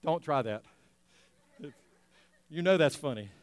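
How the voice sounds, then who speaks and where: A male pastor preaching a lively sermon, laughing often and acting out scenes for the congregation. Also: on the high side, takes it slowly, dry recording. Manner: animated, laughing often, acting out an excited dog.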